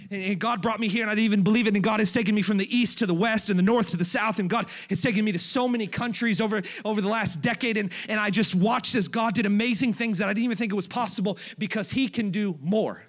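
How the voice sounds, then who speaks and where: A guest speaker preaches a sermon in a church with a high voice and quick pace. He jokes between passages and builds to shouted, rising crescendos.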